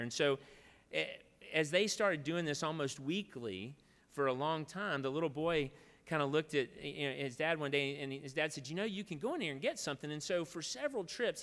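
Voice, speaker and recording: A man's voice: a little high, fairly bright tone. A man preaching a devotional in a legislative chamber, telling a folksy, rambling story and then leading a solemn prayer. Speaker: preacher giving the opening devotional. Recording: long reverb of a large chamber.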